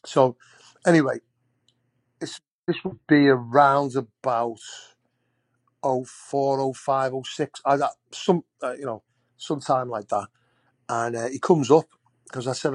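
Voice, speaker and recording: As a podcast guest, a man tells rambling, loose anecdotes, frequently restarting his sentences. He speaks at a middle pitch with a measured pace and long pauses, miked closely in a dry space with no room echo, in a casual storytelling mode.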